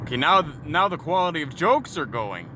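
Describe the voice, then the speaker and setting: A man's voice: on the high side, sing-song, fairly quick. Brief: Canadian guy in his thirties, foul-mouthed, joking vlog rant recorded while driving, car noise behind. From Sault Ste. Marie, Ontario, Canada. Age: 30s. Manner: crude, mocking, joking with profanity. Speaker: vlogger. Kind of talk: profane ranting monologue. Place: in a moving car.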